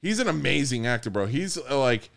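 A man's voice: mid-range voice, sing-song, a little fast, creaky, a bit bright. A man co-hosting a podcast in casual chat, rambling and cursing, with lots of restarts and fillers. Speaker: podcast co-host.

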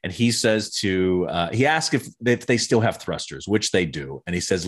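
Lower-voiced man recapping a TV episode. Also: normal speed, few pauses, breathy edge. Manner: animated retelling, playfully acting out lines. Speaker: podcast co-host. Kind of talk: casual recap chat.

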